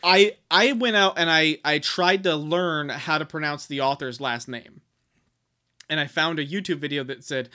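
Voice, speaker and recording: A man's voice: fairly high pitch, expressive, a little fast, pushed and bright. A man co-hosting a podcast in casual chat, rambling and sarcastic with mock-dramatic swings and frequent swearing. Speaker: podcast co-host.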